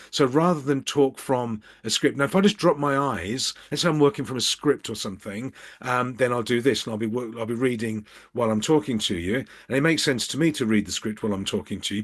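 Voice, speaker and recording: Dry-humored middle-aged man vlogging from his office. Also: mid-range voice. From Birmingham, England. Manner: dry, joking, self-mocking. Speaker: business coach. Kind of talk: casual talking-to-camera tips vlog. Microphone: camera at eye level with ring light.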